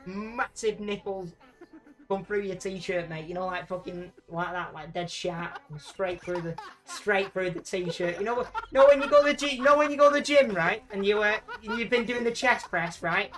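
A man, a gaming streamer who banters, swears and shouts during play. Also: high-pitched, normal speed. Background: background music.

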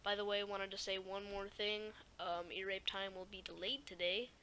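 A teenage girl telling a school story in a rambling vlog, with lots of "like" and "okay?" and animated asides. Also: mid-range voice, moderate pace, a little hiss or hum, poor audio. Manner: rambling, animated, fillers like "like" and "right?". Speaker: YouTuber.

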